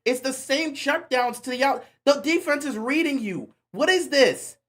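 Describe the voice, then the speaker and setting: Calling a football game play by play on a live stream, this male host rants in slangy, exasperated bursts. His voice is very high-pitched and expressive, at normal speed, over a noisy background.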